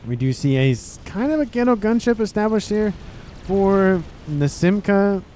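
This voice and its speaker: A man's voice: high voice, lively intonation, moderate pace, a little mellow, a little hiss or hum. A man casting a strategy game replay in a loose, chatty style, often correcting himself mid-sentence. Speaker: game caster.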